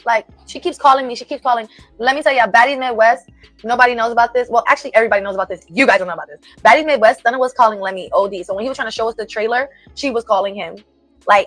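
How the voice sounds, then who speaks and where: A woman's voice: on the high side, brisk, pauses often, a bit bright, dry recording, faint music behind, low-quality recording. A woman venting angrily in casual speech, repeating herself and swearing as she tells her side. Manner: heated, repetitive, swears freely. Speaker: singer defending herself in a played clip. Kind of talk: angry venting rant.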